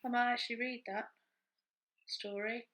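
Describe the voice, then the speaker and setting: Bright-voiced chatty woman crafting. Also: on the high side, flat delivery, normal speed, low-quality recording. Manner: chatty, thinks aloud as she works. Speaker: craft vlogger. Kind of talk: casual chat while crafting.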